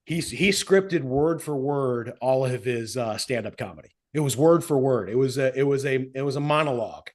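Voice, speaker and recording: A middle-aged man, a podcast co-host and former radio host, chatting casually and telling stories with animation. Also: mid-range voice. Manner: animated storyteller, quick to slip into voices. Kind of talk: casual chat.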